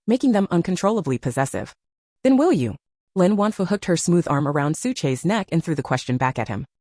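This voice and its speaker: A woman's voice: on the low side, a little mellow, no room sound, clean studio sound. A woman narrating a romance novel in a scripted storytelling manner.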